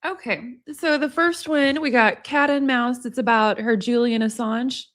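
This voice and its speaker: Female livestream host, chatty, reads aloud, a touch high-pitched. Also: fairly even intonation, a little slow, fairly bright tone. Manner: chatty, laughs often, reads passages aloud. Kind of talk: casual livestream chat and reading aloud.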